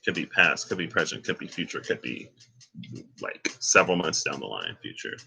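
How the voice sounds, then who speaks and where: A man's voice: a bass voice, very animated, normal speed, creaky, pushed and bright, slightly rough, rough recording. A man giving a casual, rambling tarot reading, thinking aloud with asides and bursts of laughter. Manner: laughs and exclaims between points. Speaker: tarot reader.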